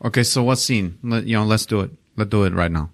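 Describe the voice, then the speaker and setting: A man's voice: on the low side, quick pace, lightly acted. A man voicing a pushy, eccentric man who speaks in clipped, broken English, as he retells a film scene on a podcast. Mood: bossy.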